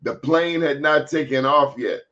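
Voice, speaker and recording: Host, man, lively colloquial storyteller, a bit high voiced, dull recording. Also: unhurried. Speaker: talk show host. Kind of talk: casual storytelling chat. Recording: dull lo-fi sound.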